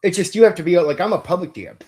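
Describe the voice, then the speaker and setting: A man's voice: high voice, expressive, racing, darkish tone. A middle-aged man, host of a tabletop game channel, ranting in blunt, profane casual talk and repeating himself. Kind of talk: casual opinion rant to a viewer.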